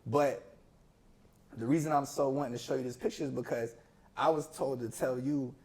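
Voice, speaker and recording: A young man, a podcast guest, chatting casually and telling a personal story with lively slang. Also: medium pitch, moderate pace. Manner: animated storytelling with slang, acting out quoted people. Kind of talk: casual chat.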